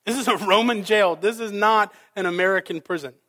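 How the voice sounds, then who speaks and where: A male pastor preaching a sermon, dramatic, with rhetorical questions and swings between loud and soft. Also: sits high, a little fast.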